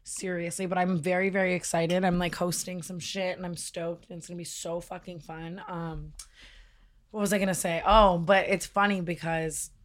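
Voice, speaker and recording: A woman's voice: fairly low pitch, flat delivery, normal speed. A young woman co-hosting a podcast in casual, loose chat, profane and gushing. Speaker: podcast co-host.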